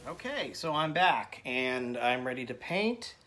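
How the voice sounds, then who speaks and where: A man's voice: mid-range voice, big pitch swings, measured pace, pushed and bright, poor audio. A middle-aged man from the United States, hosting an art tutorial from his home studio, talking casually with many restarts. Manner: rambling, self-correcting, chuckling. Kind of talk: casual talk to camera.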